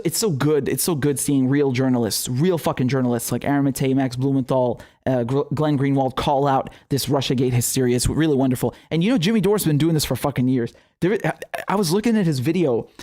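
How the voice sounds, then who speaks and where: A man's voice: mid-range voice, a little mellow. A young man hosting his own political commentary show, talking casually, sarcastic, swearing freely and laughing often.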